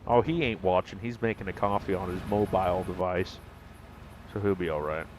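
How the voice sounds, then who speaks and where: A man's voice: low-pitched, fairly quick, a little hiss or hum. An American man chatting casually and jokingly with viewers during a gaming live stream. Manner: rambling, jokey, talks to chat.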